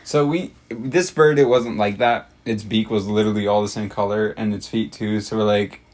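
A woman's voice: rumbling low, fairly even intonation, moderate pace, a little mellow. A young woman co-hosting a casual podcast, chiming in with short remarks and agreeing as she joins the conversation. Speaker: podcast co-host. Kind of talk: casual chat.

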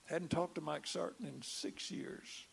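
A man's voice: on the high side, expressive, unhurried, a bit bright, slight background noise. An older man, telling a testimony in a sermon and stammering as he repeats his words. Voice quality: gravelly. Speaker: preacher.

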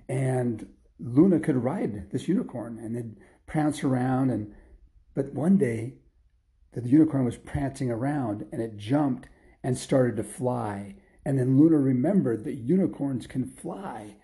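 A man's voice: medium pitch, warm tone. A man telling an improvised children's story in a rambling way, with restarts and sound effects.

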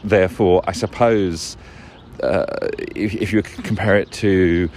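A man's voice sits low and slow, fairly even in intonation and a little mellow, with slight background noise. He's a podcast host delivering a long, casual monologue, regularly stumbling over words, self-correcting, swearing and chuckling.

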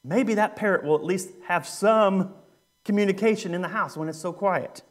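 A man's voice: high-pitched, normal speed. A man voicing an exasperated old widow. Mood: hopeful. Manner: indignant, exasperated. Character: annoyed elderly widow, impatient, complaining.

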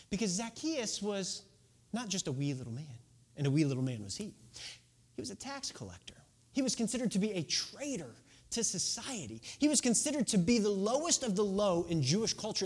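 A man's voice: high voice, slightly rough. A man preaching a casual, conversational sermon, retelling a Bible story and checking in with "right?". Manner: sings a children's song.

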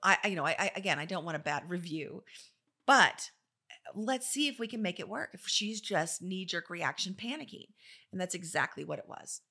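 Bright-voiced chatty woman designer. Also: on the low side, moderate pace. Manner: chatty, animated storytelling with quoted voices. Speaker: interior designer and business owner. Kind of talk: casual advice talk.

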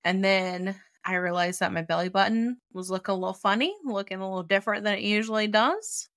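A young woman co-hosting a casual podcast, telling a story in an animated way, acting out what others said and swearing freely. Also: mid-range voice, fairly quick, no room sound, clean studio sound. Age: young adult. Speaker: podcast co-host.

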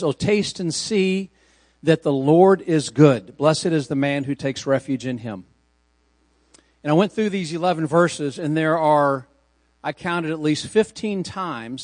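A man's voice: on the high side, a little mellow, no room sound. A male pastor preaching a sermon, reading scripture aloud and stressing key words with emphasis.

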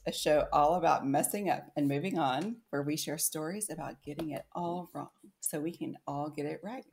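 A woman co-hosting a casual podcast, giggly and lively, often breaking into laughter. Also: low-pitched, moderate pace, hardly any pauses. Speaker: podcast co-host.

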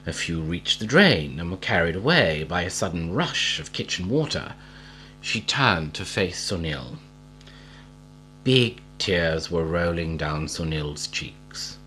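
A man reading a storybook aloud in a slow, expressive storytelling manner. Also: deep voice, slight background noise, rough recording.

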